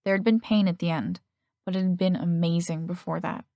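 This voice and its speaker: A woman reading a first-person audiobook in a steady, intimate storytelling manner. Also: fairly low pitch, fairly quick, no echo, studio quality. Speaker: audiobook narrator.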